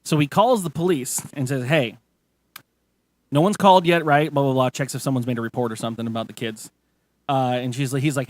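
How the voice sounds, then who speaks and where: A man hosts a casual chat show as a podcast host, retelling a story in profane, rambling fashion with lots of restarts. His mid-range voice is fairly quick, and there's no echo.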